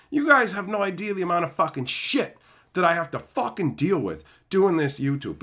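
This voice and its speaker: Canadian guy ranting on stream, swears a ton, voice jumps all over, bright. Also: high voice, moderate pace. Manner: profane, ranting, animated. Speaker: YouTuber and streamer. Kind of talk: profane livestream rant.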